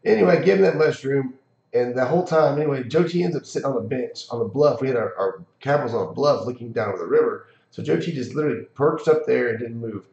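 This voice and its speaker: A man's voice: medium pitch, fast talker, vocal fry, a little mellow. Guy rambling thru a crude party story, swears a lot, lo-fi echoey room. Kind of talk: casual storytelling chat. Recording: echoey room, dull lo-fi sound.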